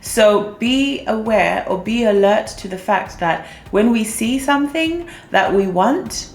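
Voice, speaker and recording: A woman's voice: fairly high pitch, lively intonation, a little slow. A young woman, a manifestation coach, giving chatty, upbeat advice to camera, often checking in with "okay?" and "right?". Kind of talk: casual talk-to-camera advice vlog. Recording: echoey room with faint music behind.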